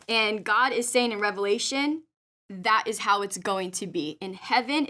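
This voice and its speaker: A young woman leads a church morning devotional with a bright, eager voice. She reads scripture with feeling and speaks plainly between verses. Her pitch sits in the middle range for a woman. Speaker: youth leader. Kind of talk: daily devotional talk.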